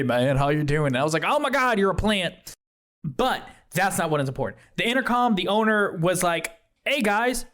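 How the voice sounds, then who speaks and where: A rambling, flustered young plant-shop guy, put on by a game master, blurting things out in bursts. His voice sits a bit higher than most men's. The whole thing plays as a tabletop role-play scene. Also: fairly bright tone. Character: frazzled young male ex-plant-shop worker.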